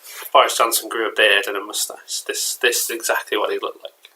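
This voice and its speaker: English guy vlogging his collectibles from home, bright voice, rambly and chatty w lots of ums. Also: lowish voice, little pitch movement, fairly quick, poor audio. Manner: rambling and chatty, restarts and um fillers. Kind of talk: casual vlog chat. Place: at home, indoors.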